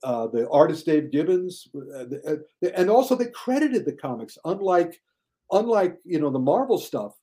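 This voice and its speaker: Animated older man chatting, mellow tone. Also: moderate pace. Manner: animated, mocks critics in high shouted voices. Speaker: guest film critic. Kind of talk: casual podcast chat.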